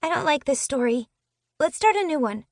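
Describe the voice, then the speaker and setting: A woman narrator voicing an eager, curious little girl in an audiobook, in a high, pleading voice. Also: animated, moderate pace, dry recording, studio quality. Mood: blurting.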